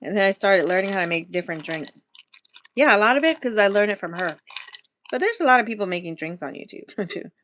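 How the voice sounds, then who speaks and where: A woman's voice: mid-range voice, expressive, fast talker, fairly bright tone, slight background noise. A woman hosting a casual live-stream chat for her food channel, rambling and laughing often as she talks straight to her viewers while sipping coffee.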